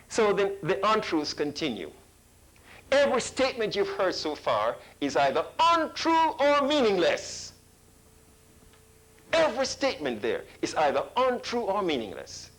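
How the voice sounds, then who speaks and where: A man's voice: sits high, wildly swooping pitch, normal speed, fairly bright tone, low-quality recording. A man giving a math workshop to parents, emphatic and full of rhetorical questions, sometimes mimicking teachers and children.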